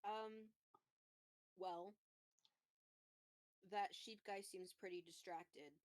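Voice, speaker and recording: A woman's voice: on the low side, steady tone, extremely slow, no room sound, low-quality recording. Laid-back woman player, dry sound. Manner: laid-back, filler-heavy. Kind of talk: casual tabletop role-play.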